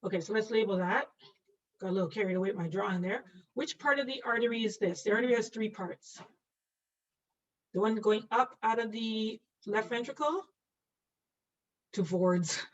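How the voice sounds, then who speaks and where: A woman teaching an online nursing class, quizzing students by name and joking about her own drawing. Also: medium pitch. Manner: playful, self-mocking, quizzes students by name. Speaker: nursing instructor. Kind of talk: online lecture while drawing. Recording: distant, dull lo-fi audio.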